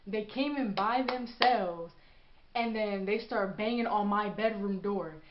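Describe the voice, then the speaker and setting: A young woman vlogger telling a storytime story, rambling and animated with lots of fillers, in an echoey room with dull lo-fi sound. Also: medium pitch, a little slow, background noise. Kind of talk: storytime vlog.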